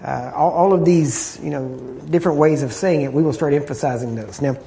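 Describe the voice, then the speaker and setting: A man teaching an informal Bible study, talking conversationally, repeating himself and often clearing his throat. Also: fairly high pitch, brisk, mellow, a little hiss or hum.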